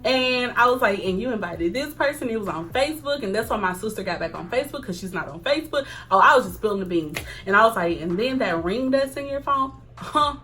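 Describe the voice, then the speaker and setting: A young woman chatting casually to camera, animated, acting out quoted lines and laughing often. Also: a little high, a little fast. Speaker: vlogger. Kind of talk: casual storytime chat.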